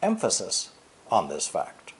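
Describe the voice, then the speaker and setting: Older man teaching with lively intonation. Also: low-pitched. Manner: deliberate, stressing key words with sweeping intonation. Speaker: English teacher. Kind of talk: scripted explanatory lesson.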